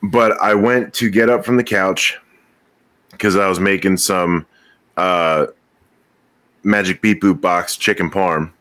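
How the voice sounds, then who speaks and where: A man with a low but sharply bright voice recounts events bluntly in casual chat and swears here and there. He tells it step by step. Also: steady tone, slow pace, pauses often.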